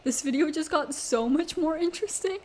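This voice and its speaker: A woman's voice: high voice, a little fast, a little mellow, a little hiss or hum. A woman telling a storytime video to camera, exasperated and worked up. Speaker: storytime YouTuber.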